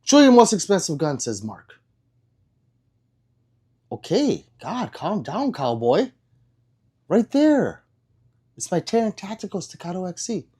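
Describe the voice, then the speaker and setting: Young guy hosting a stream, bouncy pitch, jokey, reads chat aloud and rambles. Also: wildly swooping pitch, measured pace, long pauses, warm tone, slightly rough. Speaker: livestream host reading chat. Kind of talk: casual live stream chat.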